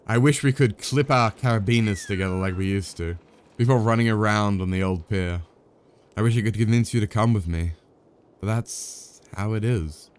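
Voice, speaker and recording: A man reading an earnest young climber's farewell, tender and apologetic, in a low voice. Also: clear, resonant tone, close to an everyday voice. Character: young climber gently saying goodbye to an old friend.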